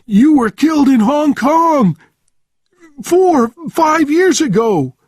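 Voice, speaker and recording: Man voicing big frantic sergeant, shrieking high in storybook panic. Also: sing-song, takes it slowly, no room sound, clean studio sound, exaggerated voice. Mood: panicked shouting. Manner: shouting in panic.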